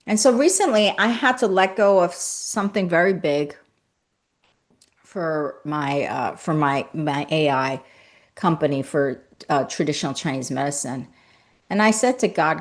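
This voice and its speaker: A woman hosting a live-streamed motivational talk as a spiritual coach, speaking in gentle, repeated affirmations and greeting viewers by name as she reads their comments. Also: fairly low pitch, moderate pace. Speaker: spiritual coach and livestream host.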